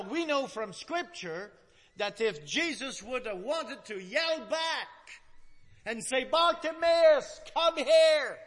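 High-voiced preacher in an echoing hall. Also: male voice. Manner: dramatic, swings from loud to hushed. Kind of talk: sermon. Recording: long hall reverb.

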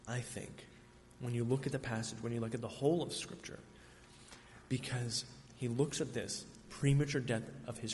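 A man preaching a sermon, earnest and emphatic, with dramatic pauses between phrases. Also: medium pitch. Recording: reverberant hall, faint ambient noise.

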